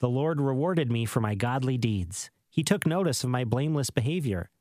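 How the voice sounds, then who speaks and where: A man reads scripture in a steady, measured way at an ordinary middle pitch. His phrases often settle low at the end. The sound is dry and close, with no room around it. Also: no room sound. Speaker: scripture reader. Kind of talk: steady scripted Bible reading.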